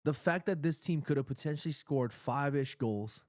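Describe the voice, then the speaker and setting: An excitable man hosts a live football watchalong from his apartment, chatting to his viewers in loose, slangy fan talk that swings into emotion. His voice sits a little high. It sounds close and dry, like a home streaming mic. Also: moderate pace, no room sound. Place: home apartment with neighbors nearby.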